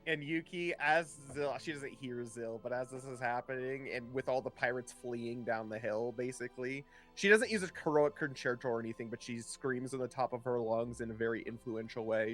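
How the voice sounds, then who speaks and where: A man's voice: medium pitch, moderate pace, few pauses, fairly bright tone, faint music behind. A man playing a tabletop game, asking questions and describing his character's actions. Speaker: player. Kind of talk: casual tabletop play.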